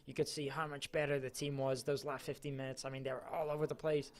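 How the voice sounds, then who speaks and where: A man's voice: mid-range voice, flat delivery, quick pace. A man reporting for a club channel, giving chatty, enthusiastic live match coverage.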